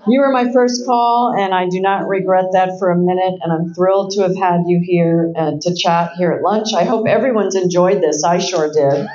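A woman's voice: lowish voice, normal speed, hardly any pauses, a little mellow. A woman hosting a conference Q&A, thanking her guest and wrapping up casually. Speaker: Q&A host. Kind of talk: casual interview wrap-up. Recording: dull, noisy recording.

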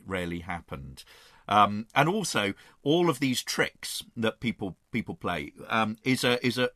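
A man's voice: sits low, sharp tone, dry recording, clean studio sound. A man guest explaining history in a rambling, enthusiastic conversational way.

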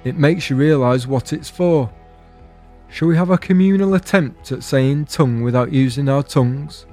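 A man performing a scripted, deadpan spoken-word comedy monologue, musing wryly on everyday words as a podcast host. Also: fairly high pitch, normal speed, soft background music.

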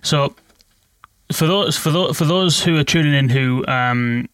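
A man hosting an interview, politely interrupting with halting questions to clarify terms. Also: on the high side, a bit bright, no echo, studio quality. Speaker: interviewer host. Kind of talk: conversational interview.

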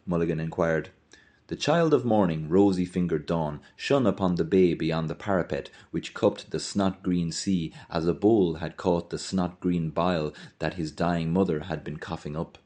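Male narrator, very low voice, solemn, dramatic, measured literary reading. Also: warm tone. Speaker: reader.

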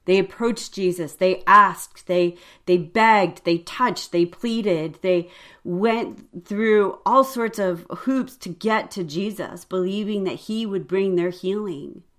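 A woman's voice: medium pitch, slow, fairly bright tone. A woman hosting a faith podcast, talking earnestly and conversationally with frequent fillers. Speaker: podcast host.

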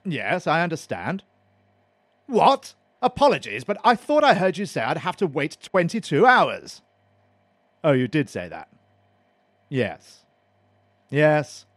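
A man's voice: on the high side, huge pitch swings, a little slow, pauses often, no room sound. A man playing a prim, put-upon man who mutters to himself and turns sarcastic, in a comedy audio drama. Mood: fussy.

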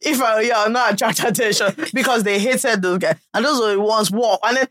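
A woman with a Nigerian accent, co-hosting a podcast in casual chat, animated and leaping into high exclamations as she tells stories. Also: quick pace. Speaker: podcast co-host.

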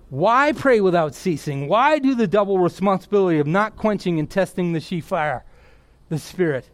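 A middle-aged male pastor preaching a sermon, excitable, bursting into yelling and then dropping back to a quiet, close tone. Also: sits high, no room sound.

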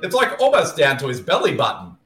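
A man's voice: a little high, wildly swooping pitch, brisk, a bit bright, roomy sound, soft background music. A man co-hosting a casual movie-riffing podcast, joking and laughing often. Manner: giggly, joking. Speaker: podcast co-host.

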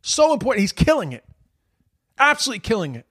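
A man with a noticeably high-pitched voice delivers a heated political rant. He sounds exasperated and swears freely as he talks. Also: very animated, fast, fairly bright tone, slightly rough. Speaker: commentator.

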